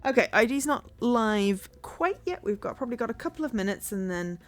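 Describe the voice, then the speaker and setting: A woman's voice: a little high, animated, fairly quick, soft background music. A woman streamer giving casual game commentary, chatty and thinking aloud.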